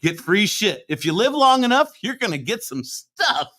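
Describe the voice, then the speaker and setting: A man with a bright, forceful voice who pushes his points hard. His pitch moves a lot as he cracks jokes. This is casual talk show banter. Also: very animated, normal speed. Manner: emphatic, wisecracking. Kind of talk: casual chat.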